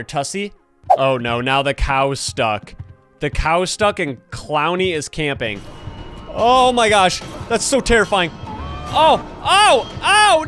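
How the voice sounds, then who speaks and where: Excitable young man gaming, animated voice. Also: fairly high pitch. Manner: excitable, jumpy, often yelps in fright. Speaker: gaming YouTuber. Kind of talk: let's play commentary. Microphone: headphones and desk mic.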